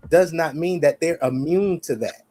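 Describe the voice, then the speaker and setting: Faint music plays behind a male podcast co-host whose warm voice is a touch high and moderately paced. He argues his corner in a heated yet casual debate, emphatically repeating his points and "you see what I'm saying."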